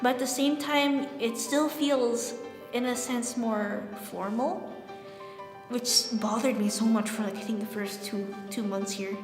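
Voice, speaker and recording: A young woman from Saipan talks through an interview with a lively, exasperated edge. Her voice sits high. The room is echoey and has a long reverb, with music playing underneath. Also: a little slow. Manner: animated, exasperated retelling. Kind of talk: casual interview answers.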